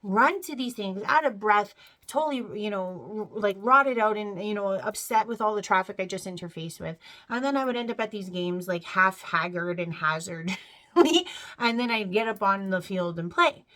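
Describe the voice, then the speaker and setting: A woman's voice: medium pitch, moderate pace, bright, forceful tone. A woman in her thirties giving an earnest, rambling spiritual testimony to camera, full of fillers and tearing up as she speaks. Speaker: vlogger sharing a faith testimony.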